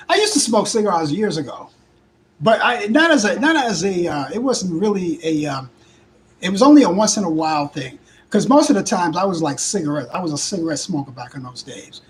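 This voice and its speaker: A hoarse older man with a Brooklyn accent, hosting a live talk show in rambling casual chat with halting restarts. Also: sits high, a little hiss or hum, poor audio. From Brooklyn, New York. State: hoarse, voice worn out. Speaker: host.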